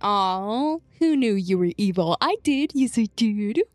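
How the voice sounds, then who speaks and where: A woman's voice: mid-range voice, animated, a little slow, no room sound. A woman playing a tabletop game in casual chat who is playful, joking and laughs often. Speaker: player.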